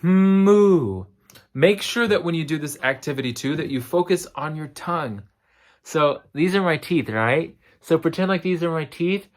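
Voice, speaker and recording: A man with a tired voice giving a recorded singing lesson, explaining step by step and singing short demo words. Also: a little high. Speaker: voice teacher.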